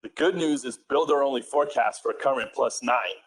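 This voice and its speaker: A man with a New England accent giving a talk at a conference. He speaks at a mid pitch, easygoing and conversational, often correcting himself mid-sentence and asking the room questions. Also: fairly quick, husky, rough recording. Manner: conversational, self-correcting, asks the audience questions. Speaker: conference presenter. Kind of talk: technical conference presentation.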